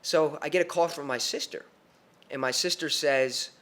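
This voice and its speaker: A young man tells his own story on a podcast at a medium pitch. He talks in a lively, animated way, often restarting and repeating his words as the story tumbles out. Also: brisk.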